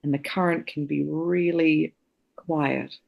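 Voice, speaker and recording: A woman's voice: low voice, fairly even intonation, slow pace, gravelly, dull audio. A woman in her thirties from New Zealand, a guest on a podcast, talking passionately about acting with vivid images and casual swearing. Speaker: actor and acting teacher guest. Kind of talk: casual interview chat.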